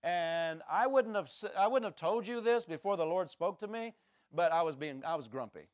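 A man with a notably high-pitched voice preaches a personal testimony as a traveling minister. His delivery is earnest and emphatic, the voice of a storyteller speaking to a church service. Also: expressive, moderate pace, no room sound, studio quality. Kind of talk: sermon testimony.

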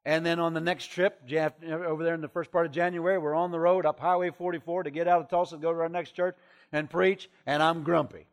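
A middle-aged traveling preacher tells a story from the road during a sermon, his slightly high voice swinging from hushed confession to full-throated shouting. His delivery is flat and his pace quick.

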